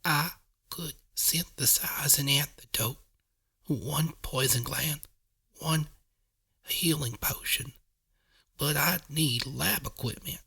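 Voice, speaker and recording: Brief: man doing a fragile young pegasus mare for an audiobook, breathy and soft, a bit higher than his own voice, timbre shifted. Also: slow pace, exaggerated voice. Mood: weak.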